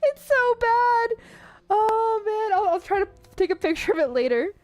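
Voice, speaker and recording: A woman streamer in casual livestream chat, her voice sitting high. She talks loosely and chattily, full of "like" and "dude". Faint music plays quietly behind her. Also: lively intonation, fairly quick. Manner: chatty, laughing, lots of "like" and "dude". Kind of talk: casual livestream chat while reading a game story.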